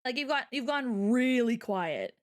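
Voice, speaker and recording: Canadian girl hosting a chill stream, kinda high voice, giggly, lots of likes n ums. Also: animated, unhurried. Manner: chatty and giggly, rambling with many fillers. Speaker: livestream host. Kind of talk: casual livestream chat.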